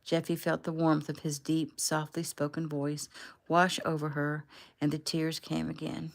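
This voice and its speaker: A woman reads her own novel aloud in a low, gravelly voice, unhurried and conversational. She sounds as if she is talking to someone sitting in the room with her. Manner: relaxed, conversational reading. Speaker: author reading her own book. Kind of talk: casual audiobook narration.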